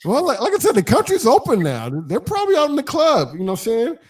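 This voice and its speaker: A man's voice: very high voice, wildly swooping pitch, fast talker, a little mellow, breathy edge. A man hosting a podcast in casual chat, rambling with many fillers and repeated starts. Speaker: podcast host.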